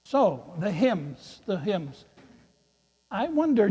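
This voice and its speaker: A man, a priest, giving a gentle children's sermon in a church, telling a story and chuckling with the kids. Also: sits high, big pitch swings, slow, slightly rough, highs cut off. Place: large church. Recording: echoey church hall.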